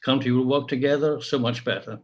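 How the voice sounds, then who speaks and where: An older man from England, speaking slowly and haltingly in a reflective group discussion, with many pauses. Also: mid-range voice, fairly even intonation, muffled recording. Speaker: group member.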